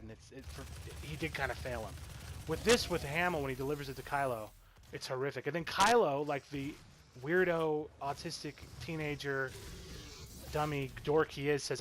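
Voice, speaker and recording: A man's voice: medium pitch, a little fast, fairly bright tone, a little hiss or hum. A man in his thirties giving a casual spoken movie review, rambling and exasperated and swearing freely. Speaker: film reviewer.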